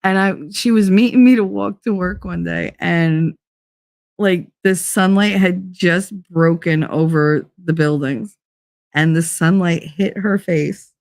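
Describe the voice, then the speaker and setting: A woman's voice: fairly low pitch, fairly even intonation, slow, creaky, darkish tone, dry recording, clean studio sound. A woman hosting a casual chat show, telling stories bluntly with frequent swearing and laughter. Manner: blunt, profane, laughs often. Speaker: host.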